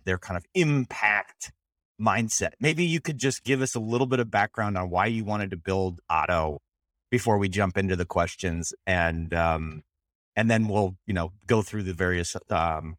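A man's voice: on the low side, fairly bright tone, dry recording, studio quality. A man co-hosting a podcast, chatting loosely and joking, with swearing and plenty of fillers. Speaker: podcast co-host. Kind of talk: casual chat.

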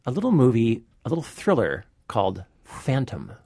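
A man's voice: mid-range voice, wildly swooping pitch, normal speed, vocal fry, background noise. A man co-hosting a movie review podcast as the critic, chatting casually and joking, laughing often.

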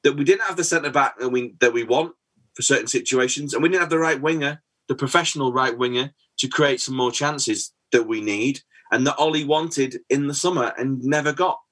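A man's voice: mid-range voice, a little fast, fairly bright tone. A man in his forties co-hosting a football podcast, telling stories and acting out dialogue. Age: 40s. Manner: anecdotal, acts out dialogue. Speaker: podcast co-host. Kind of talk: casual chat, football talk.

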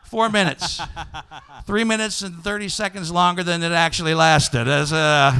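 A man hosting a podcast, telling a comic story in a loud, animated way that breaks into shouts. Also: a little high, normal speed, vocal fry. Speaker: podcast host.

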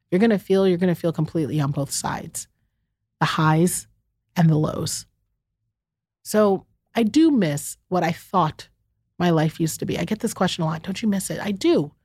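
Candid, lower-voiced woman talking to listeners. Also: slightly rough, no room sound, studio quality. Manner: warm, candid, talks straight to the listener as "friend" and "y'all". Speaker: podcast host. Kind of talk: heartfelt solo chat to listeners.

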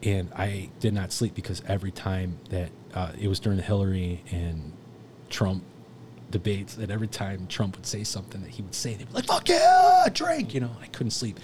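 A man's voice: sits low, steady tone, brisk, background noise. A middle-aged man, a firefighter instructor, telling stories in a casual, rambling, profane way with lots of restarts. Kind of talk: casual storytelling.

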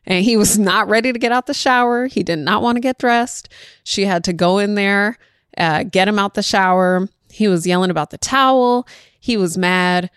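A woman's voice: mid-range voice, moderate pace, fairly bright tone, clear, resonant tone, no echo, clean studio sound. A woman in her thirties hosting a parenting podcast, talking in a chatty way, laughing often and dropping in a lot of "like.". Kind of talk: casual chat.

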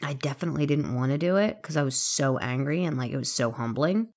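A woman's voice: very deep voice, a little mellow. Candid woman telling a raw story. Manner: candid, halting, swears freely. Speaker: interviewee in recovery. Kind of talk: emotional personal storytelling.

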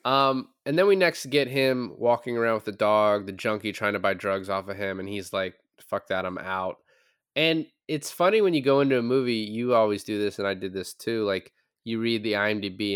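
Guy cohosting a movie podcast, animated, swears a lot, laughs, dry close sound. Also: lowish voice, fairly quick, smooth, no echo. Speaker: podcast co-host. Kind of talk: casual movie review chat.

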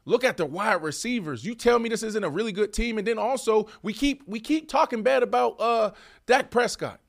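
A man who once played wide receiver, co-hosting a sports podcast and arguing his points in an animated way that swings from loud to soft. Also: high voice, a little fast, creaky. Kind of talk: casual sports debate.

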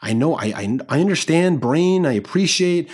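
A man's voice: a little high, lively intonation, normal speed, a little mellow, breathy edge. A man hosting a self-help podcast, talking straight to his listeners in an earnest, encouraging way and sometimes speaking as if coaching himself aloud. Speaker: podcast host.

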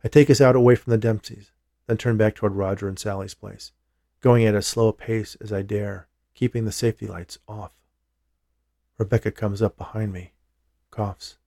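Male audiobook narrator, low and warm, measured thriller read, dry close mic. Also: steady tone, gravelly, no room sound. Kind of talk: scripted first-person thriller narration.

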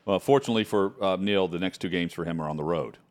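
Male host, lowish voice, relaxed halting sports chat. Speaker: radio host. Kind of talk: casual sports talk.

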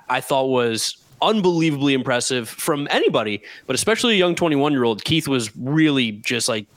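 A man's voice: medium pitch, a bit bright, no room sound. A man co-hosting a podcast in casual sports chat, upbeat and stat-minded. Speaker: podcast co-host.

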